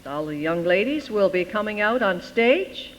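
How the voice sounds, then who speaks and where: A man co-hosts a pageant from a theater stage with short announcements and agreeable asides. His voice is high-pitched, and it rings with a long hall reverb. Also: lively intonation, moderate pace, fairly bright tone.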